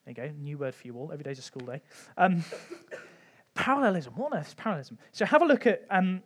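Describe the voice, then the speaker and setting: Church teacher, male, higher-pitched, chatty and informal, lots of ums. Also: expressive, fast talker, breathy edge. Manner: conversational, frequent ums, light humour. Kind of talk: informal Bible teaching talk.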